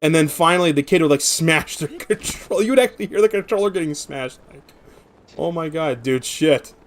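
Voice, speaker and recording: A man's voice: on the high side, a little fast, a little hiss or hum. Profane, rambling young male streamer. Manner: rambling, profane, animated storytelling. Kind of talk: casual gameplay chat and storytelling.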